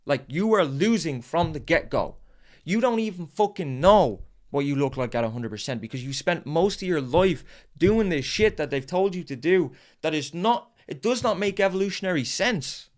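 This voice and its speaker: A man's voice: fairly high pitch, animated, moderate pace. A man hosting a podcast, delivering an intense, profane motivational monologue. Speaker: podcast host.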